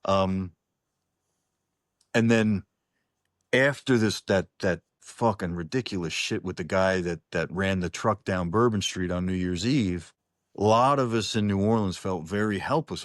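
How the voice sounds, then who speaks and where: A singer-songwriter talking in a casual online interview, rambling with many restarts and some swearing. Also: male voice, low voice, measured pace, dry recording, clean studio sound. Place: New Orleans-based. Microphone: online interview call.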